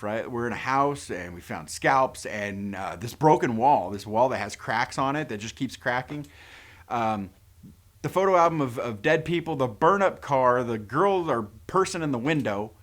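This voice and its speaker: A man's voice: mid-range voice, a bit bright. A man casually retelling a horror movie's plot as a reviewer, with sarcastic, incredulous asides. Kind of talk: casual plot recap and commentary.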